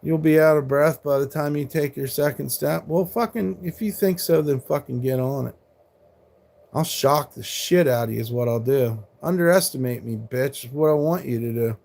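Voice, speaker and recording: A man's voice: medium pitch, moderate pace, creaky, a little mellow. A man in his forties, live streaming and arguing with trolls in chat, combative and full of profanity. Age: 40s.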